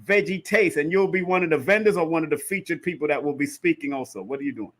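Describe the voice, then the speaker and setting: A middle-aged male host chatting casually over a video call. His voice sits a little high for a man, and he talks in an animated, jokey way. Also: fast talker. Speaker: show host. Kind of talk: casual interview chat.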